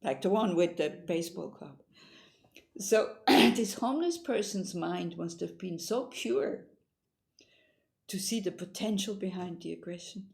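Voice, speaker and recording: Woman meditation teacher, lowish gravelly voice, rambling storytelling. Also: animated, a little slow, darkish tone. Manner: informal, meandering, with frequent restarts. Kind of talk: dharma talk with storytelling.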